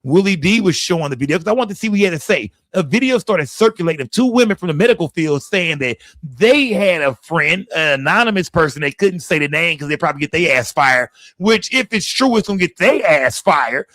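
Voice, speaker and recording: Texan livestream host, drawl, fairly high voice, loose and profane, close dry mic. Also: male voice, expressive, a little fast, hardly any pauses, a bit bright, no echo. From Texas. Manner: loose, profane, talks straight to chat. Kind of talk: casual livestream commentary.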